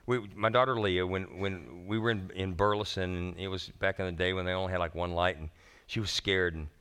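A man preaching a sermon as pastor, animated and folksy, talking casually to his congregation. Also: deep voice, a little fast, clean tone.

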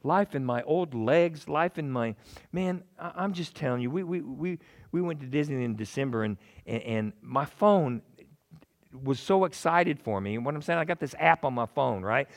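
Lively, animated male preacher. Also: a little high, normal speed. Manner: animated, jokey, acts out voices. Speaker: pastor. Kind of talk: sermon.

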